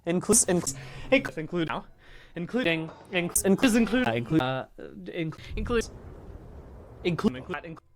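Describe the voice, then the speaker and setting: A man heard in a rapid supercut of clipped single words, with a jumpy, animated delivery that swings between loud and soft. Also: high-pitched. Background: background music.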